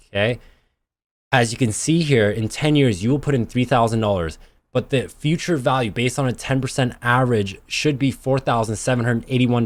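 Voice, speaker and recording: A young man hosting an investing channel, talking through numbers on screen in a chatty, plainspoken way and correcting himself as he goes. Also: medium pitch. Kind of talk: casual screen-share explainer.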